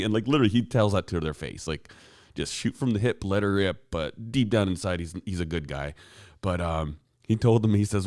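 Recorded in clean studio sound with no echo, a podcast co-host with a low, darkish voice talks fairly quickly in a casual chat from a rural home shop. He rambles through a long story and acts out its characters, quoting a neighbor.

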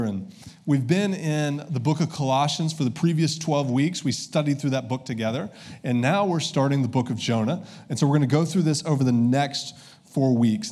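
A man's voice: mid-range voice, darkish tone. A man preaching as pastor, conversational and easygoing, with frequent filler sounds and restarts. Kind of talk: sermon.

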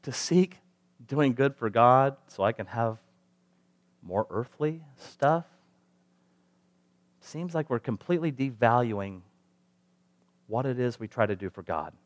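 A man's voice: medium pitch, expressive, slow pace, long pauses. A male pastor preaching a sermon in a conversational way, asking the congregation rhetorical questions.

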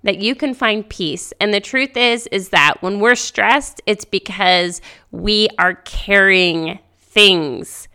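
Slow, gravelly-voiced woman podcast host. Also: medium pitch. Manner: gentle, reassuring, repeats key phrases. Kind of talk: faith-based encouragement talk.

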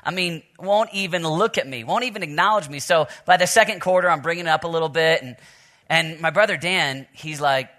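A man's voice: on the high side, fairly quick, sharp tone. A man from Oklahoma preaching a sermon at a men's conference, moving from joking stories to earnest prayer and scripture reading. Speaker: pastor.

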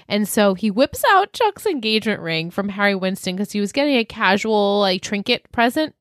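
A woman co-hosting a podcast, recapping a TV episode in casual chat and acting out the quotes in quick bursts. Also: mid-range voice, lively intonation, no room sound, clean studio sound.

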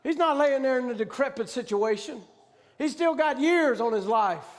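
A man's voice: very high voice, expressive, moderate pace, long reverb tail. A man preaching a sermon with fervent emphasis and plain vernacular grammar as he recounts a vision.

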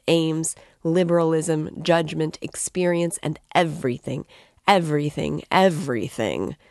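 A woman's voice: sits low, a little mellow, no room sound, clean studio sound. A woman reading as a tipsy ranting young man. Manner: impassioned, ranting. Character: excitable drunken young man, effusive.

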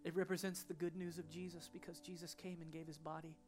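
A woman preaching a sermon as pastor, swinging from soaring proclamation to hushed, intimate prayer at a church service. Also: lowish voice, little pitch movement, quick pace, soft background music.

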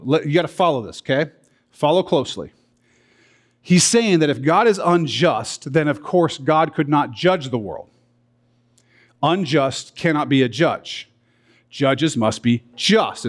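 A man teaching scripture in a lively sermon, his pitch swinging widely as he stresses each point. His voice sits a bit high, and he breaks in with blunt, emphatic asides while checking that his listeners keep up. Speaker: pastor teaching a Bible study.

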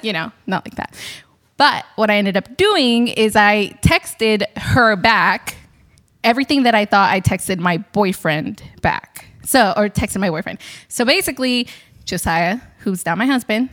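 A young woman chatting casually as a podcast host, animated and giggly, acting out quotes with big jumps in her voice. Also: fairly high pitch, moderate pace. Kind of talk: casual storytelling chat.

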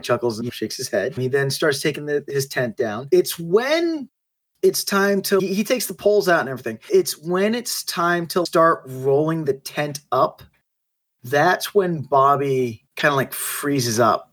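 A man's voice: fairly high pitch, lively intonation, unhurried, fairly bright tone. A man playing in a tabletop game, describing his character's actions in a loose, rambling way, swearing freely. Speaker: player.

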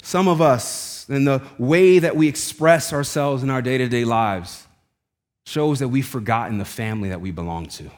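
A man preaching a sermon, telling a family story in a casual, conversational way and dropping his voice low and quiet when quoting people. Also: moderate pace. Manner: conversational, casual slang, voice drops low and quiet for quoted lines. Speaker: pastor.

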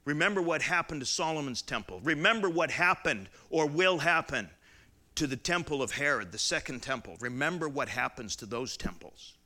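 A man preaching a sermon who shifts between casual, restart-filled asides and loud, emphatic climaxes. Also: fairly high pitch, animated, normal speed. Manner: builds to loud emphatic climaxes, then drops to quiet asides; conversational, with repeated restarts and folksy asides. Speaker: pastor.

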